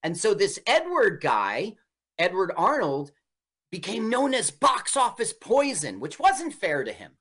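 A man's voice: high voice, a little slow, husky. A man co-hosting a casual chat while watching an old movie, explaining its history and now and then putting on voices for characters. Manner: lively, puts on old-timey voices for characters. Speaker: podcast co-host.

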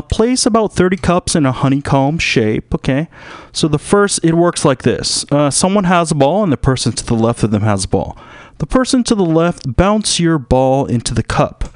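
A man hosts a radio show in a loose, rambling comic monologue, stumbling through fillers and tangents. His voice is smooth and resonant. The sound is dry and close. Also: on the high side, no echo. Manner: rambling, jumps into loud shouted impressions; filler-heavy, loose and joking.

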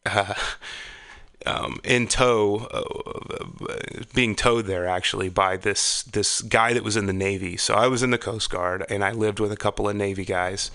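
A middle-aged man with a gravelly, low voice and a bright, sharp edge. He tells loose, rambling stories in relaxed chat and swears freely along the way. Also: measured pace. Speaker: podcast guest. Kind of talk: casual chat.

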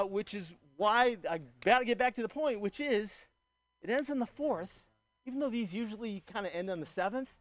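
A high-pitched man speaks earnestly to a gathered crowd, rambling and doubling back on himself. His voice is picked up from a distance by the mic. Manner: rambling, earnest, many fillers. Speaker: gathering organizer. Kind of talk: addressing a crowd.

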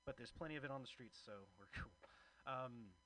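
Male comedian and open-mic emcee, bright, forceful tone, loose, rambling, chuckling delivery. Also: mid-range voice, moderate pace, slight background noise, rough recording. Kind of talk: stand-up comedy set.

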